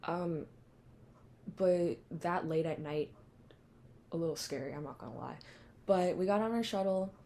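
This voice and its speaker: A woman's voice: lowish voice, a little slow, pauses often, dark tone. A young woman vlogging a casual, rambling recap with lots of fillers and giggles. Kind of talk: casual concert recap vlog.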